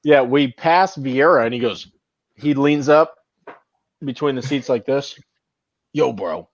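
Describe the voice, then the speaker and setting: A man's voice: mid-range voice, measured pace, no echo. A man hosting a casual podcast, teasing his friends crudely and telling a story. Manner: teasing, crude, tells stories with acted quotes. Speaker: podcast host. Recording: dull dry lo-fi sound.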